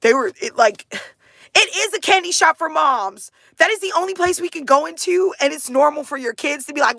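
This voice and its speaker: Bright, chatty woman telling stories. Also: high-pitched, moderate pace, no echo, studio quality. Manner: chatty and animated, laughs often, says "like" and "dude" a lot. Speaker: mother sharing her family life. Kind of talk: casual chat to viewers.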